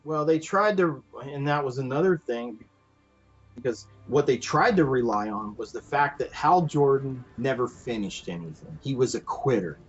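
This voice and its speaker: A man telling stories casually as a podcast guest, animated, acting out quoted voices and laughing often. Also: mid-range voice, normal speed, slightly rough, highs cut off, faint music behind. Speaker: guest, prop and costume maker. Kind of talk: casual storytelling in a podcast interview.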